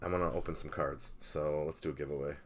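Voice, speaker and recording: Deep-voiced man, dry teasing host. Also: steady tone, fast talker. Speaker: card-break stream host. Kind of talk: casual chat.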